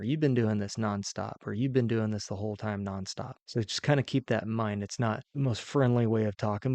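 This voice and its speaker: A man runs a language lesson in a low, gravelly voice with a mellow, dark tone. He patiently sets up each prompt and says every example twice. The sound is close and dry. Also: no echo. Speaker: Mandarin teacher.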